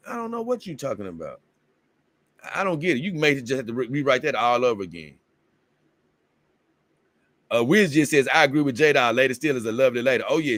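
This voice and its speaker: A man's voice: medium pitch, fairly bright tone, no echo. Man, livestream host, casual rambling chat, mid-range voice, dry close sound. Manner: rambling, with bursts of exasperated confusion. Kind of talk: casual livestream chat, reading viewer comments aloud.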